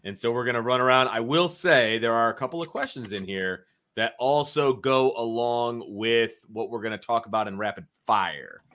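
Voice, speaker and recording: Energetic guy hosting a sports podcast, bright voice, chatty and animated. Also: mid-range voice, moderate pace, few pauses. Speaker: podcast host. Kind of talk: casual sports talk show.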